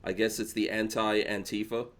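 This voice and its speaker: Podcast guest guy, lowish voice, kinda hesitant, restarts a lot. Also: little pitch movement, a bit bright. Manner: measured, hesitant, restarts his sentences. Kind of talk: casual chat.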